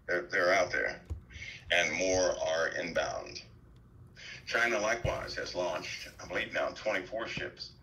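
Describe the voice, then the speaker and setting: Guest man on a headset, low pitched, tense tone, halting delivery full of fillers, faint hiss behind. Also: bright, forceful tone, poor audio. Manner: halting, many fillers and restarts. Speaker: guest commentator. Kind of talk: call-in talk show chat.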